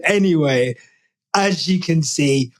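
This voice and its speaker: A man hosting a podcast, giving casual, animated opinion commentary with jokey asides. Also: fairly high pitch, slow pace. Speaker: podcast host.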